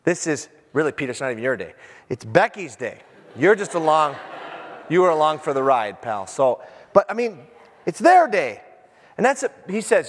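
A man preaching a sermon in a lively, animated way, acting out quotes and breaking into asides. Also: a little high, moderate pace. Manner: animated, acts out quotes, self-interrupting asides. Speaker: pastor. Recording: long reverb of a large hall.

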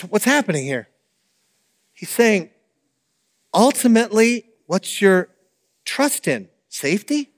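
A man preaching a sermon in an animated, conversational way, with asides to the congregation. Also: high voice, long reverb tail. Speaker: pastor.

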